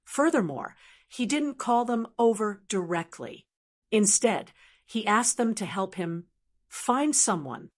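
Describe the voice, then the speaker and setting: A woman narrating a fantasy audiobook in an even, steady reading voice. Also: medium pitch, slow pace.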